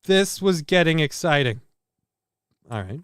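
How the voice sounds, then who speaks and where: A man's voice: a little high, expressive, a little slow, fairly bright tone, smooth, no echo. A man hosting a live stream, reacting to videos with sardonic, profane jokes. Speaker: show host.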